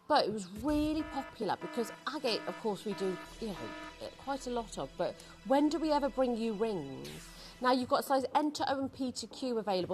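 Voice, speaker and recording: Shopping tv host lady, bit higher voice, stuffy hay fever throat, chatty sales talk. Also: a little mellow. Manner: chatty, self-mocking sales patter. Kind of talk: live TV sales presentation.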